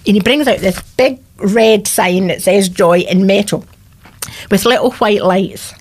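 A woman's voice: a little high, animated, normal speed. Earnest woman in her sixties. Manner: earnest storyteller, voice cracking with emotion. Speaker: guest. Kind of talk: radio interview, personal testimony.

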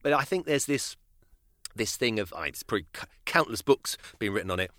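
A British man chats on a podcast in a thoughtful way, and his voice swings widely in pitch as he works through his ideas. The sound is dry and close to the mic, with no echo. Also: animated, a little fast, fairly bright tone. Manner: musing, thinks aloud with restarts and laughs. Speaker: podcast co-host. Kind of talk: casual chat.

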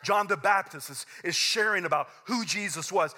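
A middle-aged man, a pastor preaching a sermon, intense and conversational, swinging from loud fervent peaks to low quiet asides with stammered restarts. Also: animated, fairly quick, few pauses.

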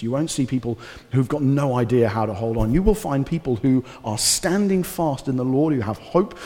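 A male pastor giving a conversational, animated sermon with casual asides. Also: medium pitch. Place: church hall. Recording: reverberant church hall.

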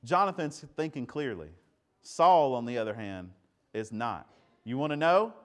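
A man's voice: mid-range voice, animated, moderate pace. A man preaching a sermon in a conversational way, asking rhetorical questions and often repeating words. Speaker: pastor.

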